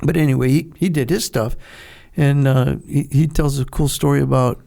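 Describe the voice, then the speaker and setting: A warm, mid-range voice with vocal fry and fairly even intonation belongs to an older man, a former Navy SEAL guest, speaking at normal speed. His laid-back interview stories wander, punctuated by frequent laughs and acted-out quotes.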